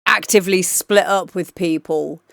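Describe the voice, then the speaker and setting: A woman's voice: on the low side, moderate pace, vocal fry, a bit bright, dry recording, studio quality. A woman DJ hosting a livestream, chatting casually and rambling with lots of fillers as she gives feedback on demos. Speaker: DJ and livestream host.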